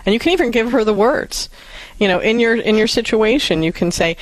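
A woman co-hosting a call-in radio show, giving calm, firm parenting advice. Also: medium pitch, fast talker, low-quality recording.

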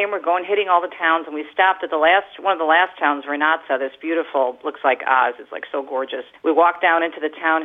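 A middle-aged woman, an author and radio host, animatedly telling a story in an interview, with frequent fillers. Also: sits low. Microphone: phone line. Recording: tinny phone line.

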